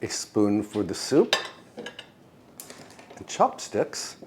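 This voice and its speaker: A man narrating his own home cooking vlog in a soft-spoken, unhurried and homey way, speaking to his viewers as friends. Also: fairly low pitch, huge pitch swings, over music.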